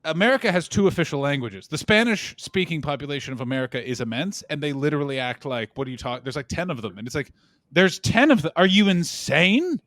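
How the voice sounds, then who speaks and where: A man chatting on a comedy podcast, spinning loose, animated stories with plenty of swearing and acted-out quotes. His voice is close and dry, with no room sound, and sits at an ordinary pitch. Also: quick pace, few pauses, dry recording. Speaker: podcast co-host. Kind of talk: casual comedic chat.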